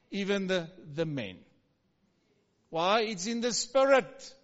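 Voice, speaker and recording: A man's voice: sits high, big pitch swings, slow, pauses often. A middle-aged male pastor preaching a sermon with emphatic call-and-response, urging the congregation to answer. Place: church hall. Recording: dull recording with long hall reverb.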